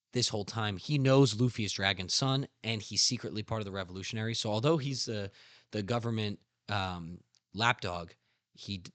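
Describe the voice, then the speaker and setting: A young man hosting a casual podcast who talks excitedly, swears a lot and acts out scenes. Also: lowish voice, no room sound. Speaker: podcast host. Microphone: studio podcast mic.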